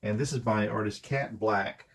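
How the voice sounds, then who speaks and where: A man with a somewhat low, husky voice talks through a tarot card reading in an easygoing, unscripted way. He rambles and hesitates often, with plenty of fillers between thoughts. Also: moderate pace. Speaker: tarot reader. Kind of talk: casual tarot reading video.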